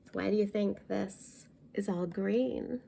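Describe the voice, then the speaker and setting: Library lady reading a kids book out loud, warm low tone, stops to explain words. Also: creaky, slight background noise. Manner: pauses to explain words for young listeners. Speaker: library storytime reader. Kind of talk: reading a picture book aloud to children.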